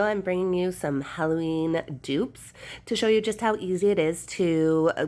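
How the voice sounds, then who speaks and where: Nasal-voiced woman crafting host. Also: low voice. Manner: chatty and friendly, with fillers. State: congested, under the weather. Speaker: DIY channel host. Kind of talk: casual crafting voice-over.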